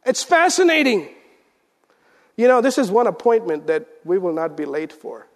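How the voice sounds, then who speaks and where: A man preaching a sermon as pastor, swinging between loud emphasis and hushed, intense lines. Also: high-pitched, sing-song, normal speed. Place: church sanctuary. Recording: church sanctuary with long reverb.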